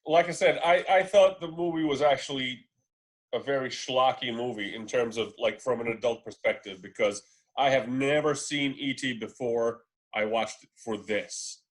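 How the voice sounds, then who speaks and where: A man's voice: medium pitch, normal speed. A man co-hosting a casual film podcast, giving his opinions in a rambling way, full of fillers and restarts. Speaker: podcast co-host. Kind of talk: casual podcast chat about films.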